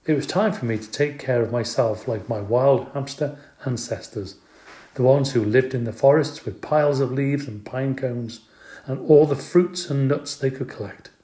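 Storybook narrator, adult man, playful and expressive, mid-pitched, recorded in an echoey room. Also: normal speed. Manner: expressive, playful, does character voices. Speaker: audiobook reader.

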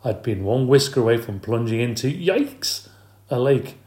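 A man narrating a children's audiobook in the first person, reading in a lively, expressive way. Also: medium pitch, normal speed. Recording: roomy reverb.

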